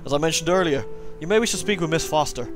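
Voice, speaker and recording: A man voicing a solemn old lord guiding a visitor, in a put-on Irish accent and a slow, stately delivery. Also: a little high, animated, music in the background, natural voice.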